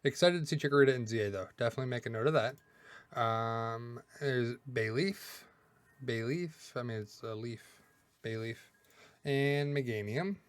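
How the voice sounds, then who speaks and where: A man's voice: medium pitch, moderate pace, clean tone, no echo. A man in a casual read-through of names, musing aloud and second-guessing how he says them. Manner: musing, second-guessing his own pronunciations. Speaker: YouTuber.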